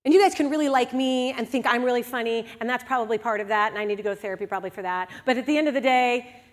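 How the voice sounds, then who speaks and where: A woman preaching a candid, conversational sermon in a large church sanctuary. Her voice sits a little high. The long reverb of the big hall trails behind each phrase. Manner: candid, conversational preaching with quick swings from hushed to loud. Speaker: speaker at a church service.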